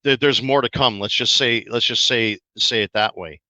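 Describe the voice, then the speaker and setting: A man's voice: medium pitch, moderate pace, sharp tone, no echo, low-quality recording. A man making a defiant, profane, boastful statement in a clip from his own video.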